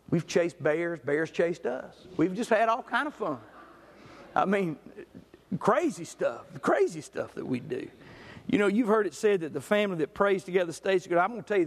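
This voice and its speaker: Man, pastor preaching, folksy storytelling, high voice, long hall echo. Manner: folksy, animated storyteller who swings from loud to quiet. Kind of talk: sermon with storytelling.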